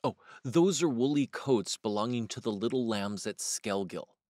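A man's voice: medium pitch, normal speed, darkish tone, dry recording, studio quality, close to an everyday voice. A man voicing a bustling, house-proud female hedgehog washerwoman in a storybook read-aloud, with a chatty, homely manner.

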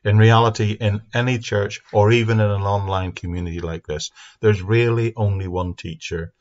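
A man teaching a Bible passage on his podcast in an earnest, steady way. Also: on the low side, moderate pace, hardly any pauses, dull audio. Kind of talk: recorded Bible study podcast. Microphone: speaking into a mic.

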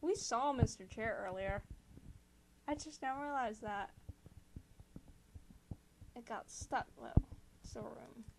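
A woman's voice: on the high side, slow, creaky, long pauses, noisy background. A woman casually commenting on a game and reading its dialogue aloud in a playful way. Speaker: let's play gamer.

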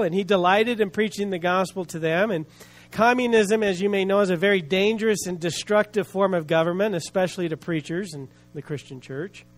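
A male pastor preaching a sermon, telling a story with rising emotion and building rhythmic repeated phrases. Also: high voice. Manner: storytelling with swelling emotion, voicing quoted people.

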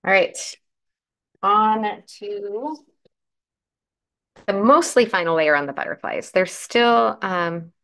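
Female craft host, croaky morning voice, friendly step-by-step live demo. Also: lowish voice, a bit bright. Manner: chatty, explains steps while working, answers comments.

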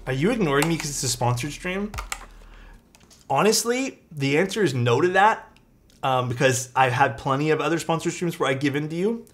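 A man whose voice sits a little high chats casually and animatedly at normal speed during a live stream. Faint music runs behind him as he opens keyboard parts, thanks viewers in chat, and reflects aloud.

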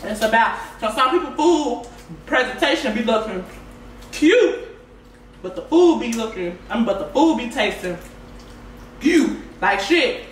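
A woman's voice: on the high side, lively intonation, fairly quick. A woman hosting a home cooking vlog, chatting casually and in slang straight to her viewers. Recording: roomy, distant mic, faint room noise.

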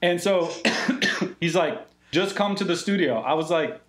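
A man from Lebanon, a guest musician telling stories in casual podcast chat, animated and swearing freely. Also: on the high side, unhurried. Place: barbershop in Brooklyn.

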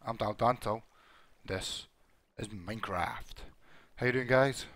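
Scottish man, hoarse recovering voice, gravelly, chatty excitable game commentary. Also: fairly low pitch, takes it slowly, no room sound. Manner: chatty and excitable, laughs often. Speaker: Minecraft let's play host. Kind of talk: casual gaming commentary.

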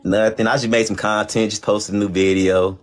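A man's voice: fairly low pitch, flat delivery, a little fast, crowd noise. A man from Oklahoma, a livestream guest, joking in a playful, needling way and repeating his phrases. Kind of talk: comic livestream banter.

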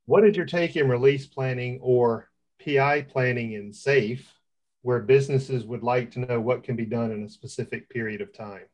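A man's voice: medium pitch, moderate pace, darkish tone. Easygoing male host. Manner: easygoing, reads audience questions. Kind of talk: interview questions.

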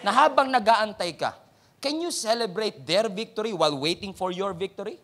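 High-voiced Filipino preacher. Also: male voice, animated, fairly quick, a bit bright. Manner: conversational preaching with rhetorical questions and exhortations. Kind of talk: sermon.

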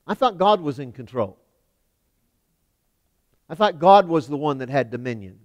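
A man preaching a sermon in a church, emphatic, swinging from loud declarations to hushed lines. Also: on the high side, lively intonation, moderate pace, long pauses. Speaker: pastor. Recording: long hall reverb.

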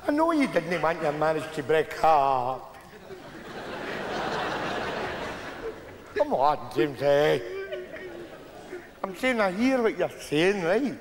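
An actor with a Glaswegian Scottish accent playing a scruffy, sarcastic Glasgow street philosopher in a live stage sitcom. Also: male voice, a little high, big pitch swings, measured pace. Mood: soothing. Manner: sarcastic, blunt, swearing. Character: scruffy sardonic Glasgow street philosopher, middle-aged man. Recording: reverberant live theatre stage with audience noise.

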